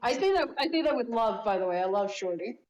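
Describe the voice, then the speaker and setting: Bubbly higher-voiced woman stream host. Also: lively intonation, quick pace, darkish tone, reverberant. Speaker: stream host reading donations. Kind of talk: casual stream chat.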